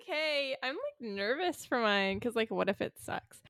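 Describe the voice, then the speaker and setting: A woman's voice: on the high side, animated, normal speed, a bit bright, no room sound. Young woman podcast host rambling on, lots of likes, dry close sound. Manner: rambling, filler-heavy storytelling, lots of "like" and "okay". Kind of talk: casual chat.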